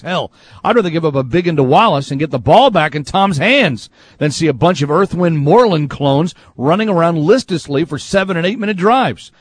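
Man, sports radio host, exasperated, high voice, very lively pitch. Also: brisk. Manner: excitable, exasperated, yells for emphasis. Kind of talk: animated sports talk.

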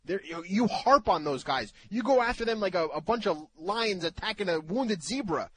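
A man hosting a fantasy football call-in radio show. His voice sits slightly high, and his delivery is animated and jumps into loud bursts. A faint hum of ambience runs underneath. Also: normal speed.

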